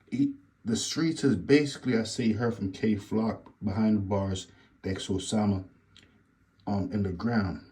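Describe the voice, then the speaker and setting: A man's voice: lowish voice, mellow. A man hosting a reaction commentary, repeating phrases and lecturing about street life. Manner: repetitive, preachy, says "believe it or not". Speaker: commentary host.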